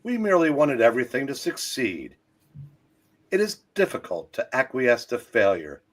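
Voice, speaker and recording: Man reading formal long-winded male superhero, husky, very lively pitch. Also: moderate pace.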